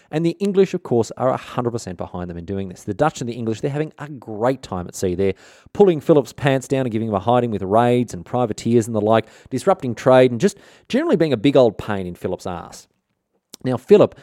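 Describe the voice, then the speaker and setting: Irreverent, slangy podcast host. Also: male voice, mid-range voice, dark tone, dry recording, clean studio sound. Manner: irreverent, rambling, slangy, self-interrupting. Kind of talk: comic history narration.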